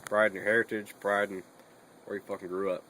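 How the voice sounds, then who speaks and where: A man's voice: lowish voice, flat delivery, brisk, pushed and bright, a little hiss or hum, poor audio. A young man chatting casually in a bedroom vlog, rambling and swearing a lot between fillers. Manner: rambling and profane, with many fillers.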